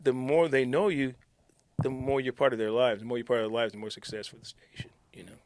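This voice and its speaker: A man's voice: mid-range voice, fairly even intonation, quick pace, no room sound. A middle-aged man, a former morning radio host, telling stories in a casual interview, joking and laughing often. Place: radio station.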